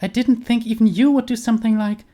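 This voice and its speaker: Man voicing a hurt young woman scientist, high strained falsetto. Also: steady tone, fast, dark tone. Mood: distressed. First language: German.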